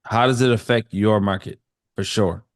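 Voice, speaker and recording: A man's voice: lowish voice, moderate pace. A man co-hosting a casual podcast, joking and teasing his co-host.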